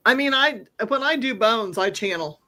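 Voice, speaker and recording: A woman medium on a podcast, telling stories with a bright, forward tone. She swears freely and laughs often. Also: fairly high pitch, expressive, normal speed. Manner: blunt and profane, laughs often. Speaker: psychic medium, podcast guest. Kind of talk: casual storytelling.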